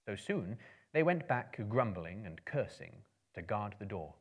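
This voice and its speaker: A man's voice: lowish voice, sing-song, unhurried, muffled recording. A man reading a story aloud with dramatic flair. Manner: theatrical, swelling and hushing for suspense. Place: live performance venue.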